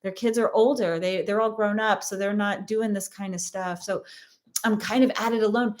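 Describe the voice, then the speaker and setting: A woman's voice: medium pitch, fairly even intonation, normal speed. A woman host talking candidly in a personal, reflective monologue, earnest and full of fillers and restarts. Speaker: host and course teacher.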